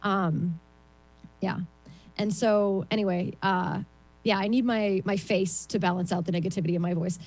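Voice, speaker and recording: Lady doing standup on a video call, shrill-ish voice, rambly and self-mocking, lots of ums. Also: fairly even intonation, normal speed, a little mellow, low-quality recording. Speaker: stand-up comedian.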